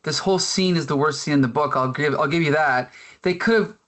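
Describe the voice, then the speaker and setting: A man's voice: a little high, a little fast, fairly bright tone. A man co-hosting a comic book review podcast, arguing his opinions emphatically. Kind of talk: casual review chat.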